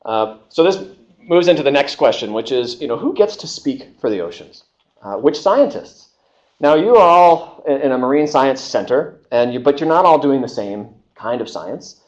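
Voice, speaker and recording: Animated male history lecturer. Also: mid-range voice, normal speed. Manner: animated, acts out quoted voices, many filler uhs and restarts. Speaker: history professor giving a seminar talk. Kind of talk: university lecture.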